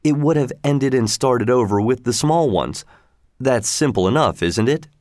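A seasoned space explorer played by a man narrating talks the others through his discovery with patient earnestness. His mid-range voice stays steady and plain. The recording is dry and close. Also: medium pitch, moderate pace, dry recording, natural voice. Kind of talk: audiobook character voice.

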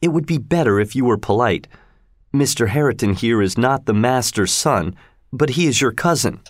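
Patient, soft-spoken woman servant, voiced by a man, dry close storybook read. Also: medium pitch, expressive, moderate pace, dry recording, natural voice. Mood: calm. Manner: soft, patient, gently correcting. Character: calm woman servant, a maid.

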